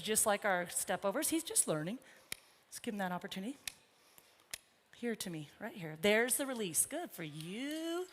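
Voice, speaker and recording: A woman's voice: medium pitch, a bit bright. A woman horse trainer giving a live arena demonstration, chatting encouragingly to her colt and the crowd. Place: large indoor horse arena. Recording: reverberant arena with faint noise.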